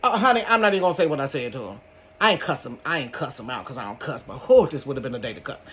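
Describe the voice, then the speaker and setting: An older woman, telling a story in a dramatic, animated way and calling her viewers honey and baby. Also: rumbling low, racing, slight background noise. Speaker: vlogger. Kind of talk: casual storytime. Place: bedroom.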